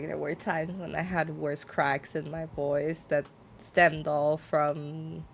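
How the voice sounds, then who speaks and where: A woman's voice: lowish voice, a bit bright, a little hiss or hum. A young woman streamer chatting casually, giggling often and rambling through her stories. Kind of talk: casual chat on a game stream.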